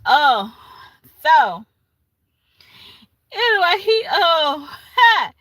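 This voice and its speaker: Bright-voiced woman retelling a story. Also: extremely high pitch, drawn-out words, dry recording. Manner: animated retelling with laughs and asides. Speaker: livestream host. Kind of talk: casual storytelling recap.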